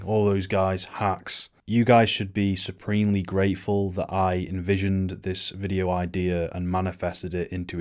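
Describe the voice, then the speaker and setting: A man's voice: sits low, darkish tone. A man doing casual film commentary at home, sarcastic and mock-pompous. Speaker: video essayist. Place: home room.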